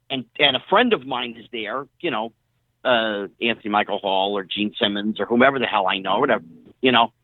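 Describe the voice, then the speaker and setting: A man's voice: medium pitch, dry recording. Middle-aged man telling stories over a tinny phone line. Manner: animated storyteller who acts out quoted dialogue. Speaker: interview guest, actor. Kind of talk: casual interview storytelling.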